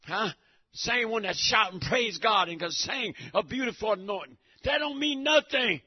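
A man giving a preaching testimony in church, emphatic and repetitive, breaking into shouts. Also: high voice, husky. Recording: dull lo-fi recording.

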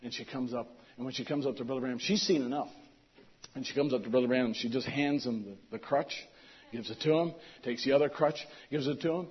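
A male preacher telling a story in a sermon, swinging between loud emphasis and hushed asides. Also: mid-range voice, quick pace, breathy edge, lo-fi sound.

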